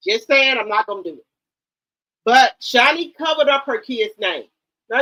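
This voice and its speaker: Middle-aged woman, livestream host, high voice, blunt and emphatic casual chat. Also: pushed and bright, rough recording. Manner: blunt, emphatic, repeats herself.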